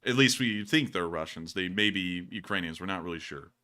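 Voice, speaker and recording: Riffing over clips on his war footage commentary show, a man jokes sarcastically and laughs readily. He has a low, bright voice with a forceful tone.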